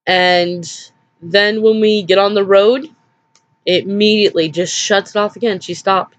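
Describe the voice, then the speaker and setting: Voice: mid-range voice, fairly even intonation, measured pace, dull audio. A vlogger telling a personal story in a rambling, hesitant way, with nervous little laughs, sounding upset and drained.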